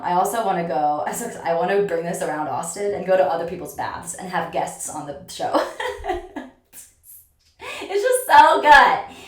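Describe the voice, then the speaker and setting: A young woman hosting her own podcast in a casual, expressive monologue, swearing freely and laughing often. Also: lowish voice. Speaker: podcast host. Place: bathroom, in a bathtub. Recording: echoey bathroom.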